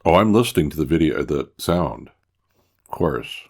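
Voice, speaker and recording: Very deep-voiced man reacting. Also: animated, moderate pace, vocal fry, a little mellow, slightly rough. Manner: reactive, short amused replies. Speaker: podcast co-host. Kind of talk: casual podcast chat.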